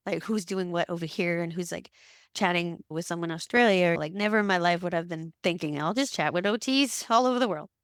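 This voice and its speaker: A woman's voice: lowish voice, brisk, smooth, dry recording. Woman in her 30s chatting as a guest, laughs a lot, acts out quotes, dry close sound. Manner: animated storytelling, laughs often, acts out quotes. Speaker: guest, occupational therapist. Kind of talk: casual interview chat.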